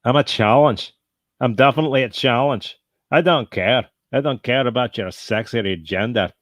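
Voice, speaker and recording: A man's voice: mid-range voice, dry recording, clean studio sound, lightly acted. A man playing a brash, cocky kilted suitor. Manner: blunt, brash, rapid-fire questions. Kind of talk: improv comedy.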